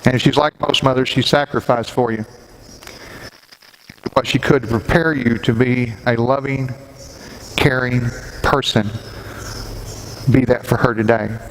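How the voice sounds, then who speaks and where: Middle-aged pastor preaching in a reverberant sanctuary. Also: male voice, mid-range voice, fairly even intonation, measured pace, long pauses. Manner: personal storytelling with gentle humor. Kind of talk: Mother's Day sermon. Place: church sanctuary. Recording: long hall reverb, faint background noise.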